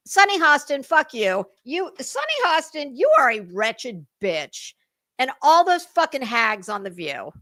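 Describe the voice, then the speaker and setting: A woman's voice: sits high, bright, forceful tone, no room sound, studio quality. A middle-aged woman hosting a casual political commentary livestream, chatty, blunt and profane as she talks to her chat viewers. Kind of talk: casual live-stream chat.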